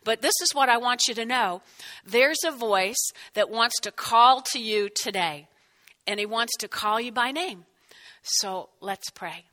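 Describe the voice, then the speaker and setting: Woman preacher, kinda high voice, really bright tone, asks the crowd lots of questions. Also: a little slow. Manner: expressive, asks the listeners questions. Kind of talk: sermon.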